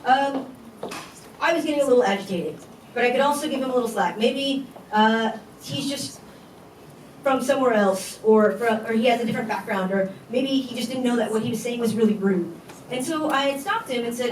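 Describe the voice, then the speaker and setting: A woman's voice: a little high, fairly quick. A woman giving a candid, conversational talk on stage, telling a personal story with casual fillers. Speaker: conference speaker. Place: event hall at a tech company. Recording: echoey hall from far off, faint noise.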